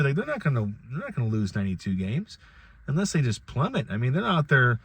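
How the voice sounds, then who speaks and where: A middle-aged man talks through a casual solo podcast at an everyday, mid-range pitch. He rambles in a loose, conversational way and often restarts his sentences. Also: wildly swooping pitch, quick pace, breathy edge, dry recording. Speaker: podcast host.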